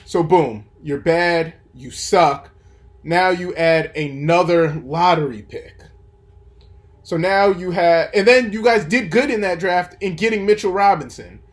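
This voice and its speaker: A man's voice: high voice, measured pace. A young man hosting a podcast, talking sports in a casual, opinionated, rambling way with plenty of fillers. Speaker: podcast host. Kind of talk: casual sports commentary monologue.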